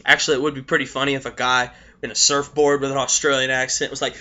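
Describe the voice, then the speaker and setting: A hoarse young man giving blunt, profane tips to his viewers in a casual vlog, coughing between points. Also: medium pitch, little pitch movement, quick pace, pushed and bright. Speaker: vlogger. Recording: dull lo-fi recording.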